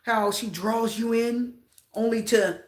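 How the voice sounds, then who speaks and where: A woman with a fairly high voice does a casual tarot reading, taking it slowly in a reverberant space. She's animated, talks straight to her viewers and repeats phrases for emphasis.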